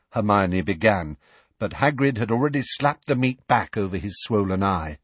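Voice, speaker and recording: A man narrating a story with expressive storytelling. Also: fairly low pitch, moderate pace, breathy edge, no echo. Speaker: audiobook narrator. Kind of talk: scripted narration.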